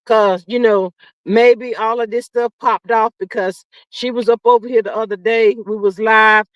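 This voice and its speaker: A woman hosting a casual livestream with a high, bright voice. She drawls and reads out comments with sassy, preachy asides. The close microphone sounds dry, with almost no room around it. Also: fairly even intonation, normal speed, no room sound, muffled recording. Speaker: livestream host.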